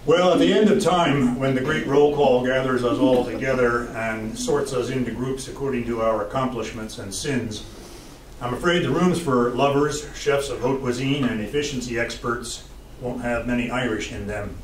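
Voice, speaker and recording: A man's voice: medium pitch, normal speed, slight background noise. A man giving a humorous public lecture as a college professor, with a dry, wry storytelling delivery. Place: lecture hall. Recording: echoey lecture hall, distant mic.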